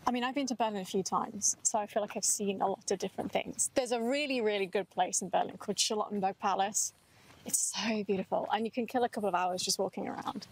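Here a young woman co-hosting a podcast talks quickly in a medium pitch with a steady tone while strolling outside on campus. She's cheerful and talkative, laughing a lot and leaning on "like." There's a little hiss or hum, and the audio is poor overall.

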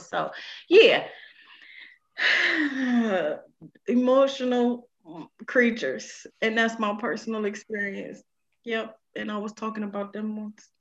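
A woman's voice: medium pitch, slow, long pauses, a bit bright, highs cut off. A woman co-hosting a podcast, giving her opinions in a casual, teasing way. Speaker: podcast co-host. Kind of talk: casual chat.

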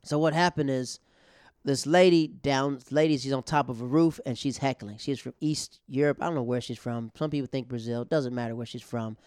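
A male comedian rambles through a story in a smooth, resonant voice at an ordinary pitch. The sound is close and dry, with no room around it. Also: a little fast, a little mellow, no room sound. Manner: rambling with restarts, acting out the other people. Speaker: stand-up comedian. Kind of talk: casual storytelling.

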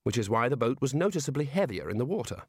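A man reading a story aloud with expressive, measured narration. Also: medium pitch, breathy edge, dry recording, studio quality. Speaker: audiobook reader. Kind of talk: scripted narration.

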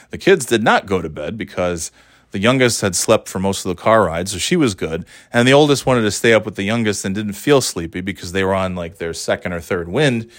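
Middle-aged man, low voice, rambling family story, chatty with laughs, dry close sound. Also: no echo. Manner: rambling, chatty, laughs often, acts out quotes. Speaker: parent telling a family story. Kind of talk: casual storytelling vlog. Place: warm indoor room.

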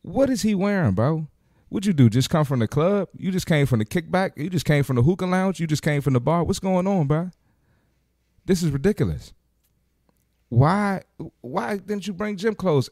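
A man's voice: a little high, lively intonation, moderate pace, a little mellow, dry recording, studio quality. A man hosting a podcast, reacting to video clips with blunt, joking, slangy trash talk. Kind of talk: casual reaction commentary.

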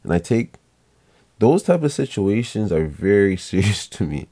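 A man's voice: on the low side, normal speed. A young man casually telling a family story to camera, rambling, swearing now and then and acting out what people said. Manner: relaxed, rambling, swears casually, acts out quotes.

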